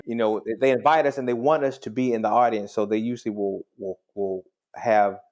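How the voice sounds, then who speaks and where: Middle-aged male judge as podcast guest; raspy, gravelly, animated storyteller who restarts and repeats words. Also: on the low side. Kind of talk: casual storytelling conversation.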